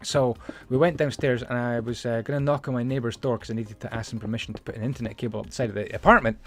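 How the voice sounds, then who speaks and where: Male host, mid pitch, rambling build commentary with story asides, faint music behind. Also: fairly even intonation, fast talker. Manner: rambling, chatty, many fillers and asides. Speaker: Minecraft building channel host.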